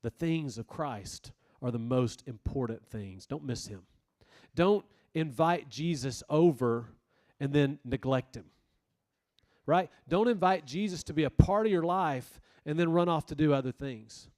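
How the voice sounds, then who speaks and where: A man giving a sermon as youth minister, telling stories with lively asides. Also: a little high, unhurried, no room sound. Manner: storytelling, animated asides.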